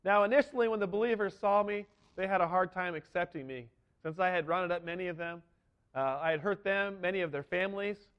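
A man's voice: sits high, fairly quick, smooth, dull audio. A man giving an earnest, emphatic sermon as a first-person dramatic monologue. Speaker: preacher.

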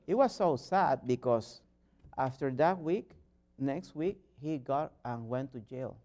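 A man's voice: mid-range voice, animated, slow. Fervent male preacher. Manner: earnest, rising to loud fervent exhortation; non-native phrasing and frequent restarts. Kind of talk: sermon.

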